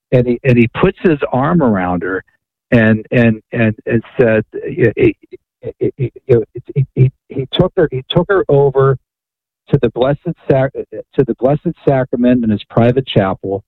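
A man's voice: mid-range voice, normal speed, dry recording. A male author and radio guest telling a story eagerly, often asking "right?" to check in. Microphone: phone call-in. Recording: tinny phone line.

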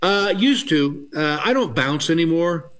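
A man's voice: a little high, animated, unhurried, a bit bright. Chatty older man from Texas. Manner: chatty, self-deprecating storyteller with many fillers. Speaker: comedian guest. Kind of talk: casual interview storytelling.

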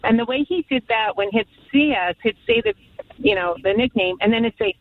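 A woman's voice: on the high side, expressive, fairly quick, slight background noise. A woman caller on a radio call-in show, reminiscing fondly about her late father, rambling and near tears. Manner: emotional, rambling, fond reminiscing. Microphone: phone. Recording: phone line.

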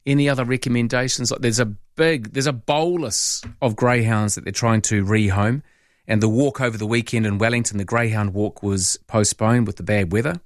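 A man's voice: fairly low pitch, fairly even intonation, normal speed, no room sound, clean studio sound. A man with a New Zealand accent hosting late-night talk radio, chatting in a rambling way with asides to listeners. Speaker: overnight talk radio host. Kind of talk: casual call-in radio chat. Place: radio studio. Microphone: studio microphone.

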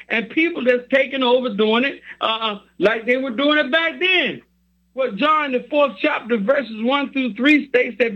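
High-voiced man preaching a sermon. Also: sharp tone, lo-fi sound. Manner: emphatic, repetitive preaching with scripture reading.

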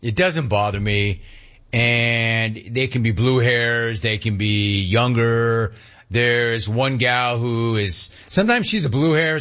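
A middle-aged man hosting a sports talk radio show, ranting in an animated, sarcastic way. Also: medium pitch, dull audio.

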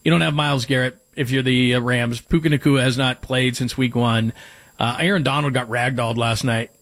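Male sports talk host, light voice, mid pitch, rambling and jokey, dry close sound. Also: fairly even intonation, brisk, a bit bright, no room sound. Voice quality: light, higher voice. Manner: rambling, jokey, reads listener texts.

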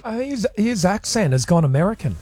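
A man's voice: high-pitched, very animated, mellow, breathy edge, no echo. A man hosting a breakfast radio show, bantering bluntly with co-hosts in the studio. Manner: quick, blunt interjections. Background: music bed.

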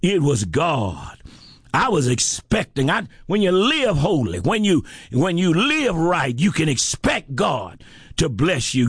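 A man preaches a sermon in a high, swooping voice that climbs into shouts and drops low again. He takes his time, drawing out lines and repeating them for weight. The sound is dry and close. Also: husky, no echo. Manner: impassioned, rising to shouts, repeating phrases.

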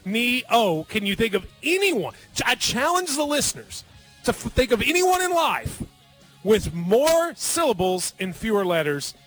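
A man's voice: extremely high pitch, big pitch swings, moderate pace, fairly bright tone, faint music behind. A man hosting a casual radio sports talk segment, playful with jokey asides.

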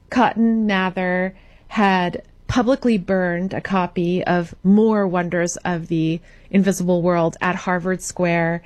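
A woman guest on a radio talk show, telling history in an animated way with many fillers. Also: on the low side. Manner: animated storytelling with frequent fillers. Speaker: guest author. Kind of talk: radio interview.

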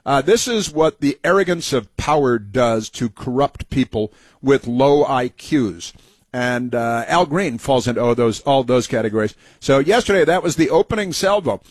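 A man's voice: medium pitch, lively intonation, moderate pace, no room sound. Sarcastic male talk host, dry studio sound. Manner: mocking, sarcastic running commentary. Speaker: radio talk show host. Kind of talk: political commentary over clips.

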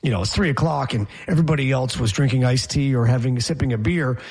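Husky man joking around. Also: mid-range voice, fast talker, a little mellow. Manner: joking, storytelling. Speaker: co-host. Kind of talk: casual banter.

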